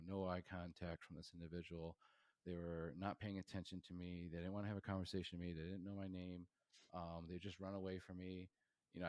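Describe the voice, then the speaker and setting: Very deep-voiced man telling stories. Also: darkish tone, no echo. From New York State, USA. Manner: rambling, many fillers and restarts. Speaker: podcast guest, professor. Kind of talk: casual interview storytelling.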